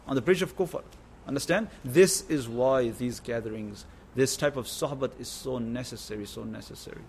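Delivering an informal sermon to a religious gathering, a religious teacher speaks in a fairly high, breathy-edged voice. He is repetitive, going over his points again and again and constantly asking "understand?"

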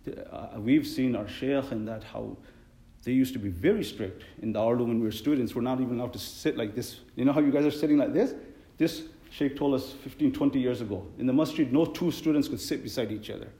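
Earnest imam preaching in a mosque. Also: male voice, mid-range voice, fairly quick, roomy sound. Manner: earnest, animated storytelling with Arabic phrases. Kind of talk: sermon.

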